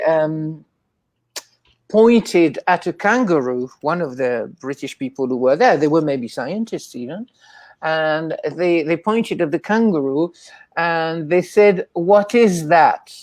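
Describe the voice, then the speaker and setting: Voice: mid-range voice, darkish tone, no echo. A guest in a casual interview, telling rambling anecdotes and acting out the voices of people in the stories. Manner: acts out quoted voices.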